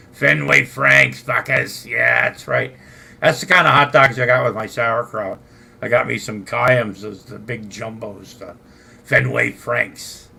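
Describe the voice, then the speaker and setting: A man's voice: medium pitch, gravelly, pushed and bright, a little hiss or hum. An older man from Southern California hosting a late-night livestream, rambling profanely and answering his chat. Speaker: livestream host.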